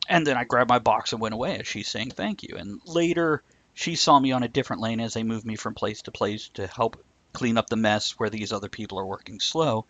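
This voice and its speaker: A man's voice: fairly low pitch, a little fast, a bit bright, no echo. A man hosting a casual talk show, telling rambling, joking stories and voicing the people in them. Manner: rambling and joking, with lots of fillers and voiced quotes. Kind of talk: casual storytelling chat. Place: home studio for a live stream. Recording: dull, lo-fi, dry stream audio.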